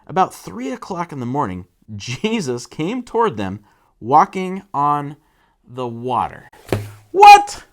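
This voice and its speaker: Man, church sermon, lively swooping pitch, rhetorical questions, acts out the quotes. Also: unhurried. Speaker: church teacher. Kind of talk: casual Bible teaching sermon.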